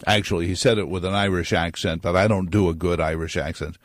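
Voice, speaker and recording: A man's voice: deep voice, steady tone, fast, dry recording, clean studio sound. A man hosting a talk radio show in a loose, joking monologue that wanders off on tangents. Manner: joking, digressive, conversational. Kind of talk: casual monologue on politics.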